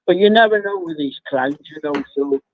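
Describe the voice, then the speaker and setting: A man's voice: a little high, moderate pace, a little hiss or hum. Rambling man on a phone line. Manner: rambling, says mate a lot, frequent ums. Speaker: caller. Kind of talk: casual phone chat. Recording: tinny dry phone line.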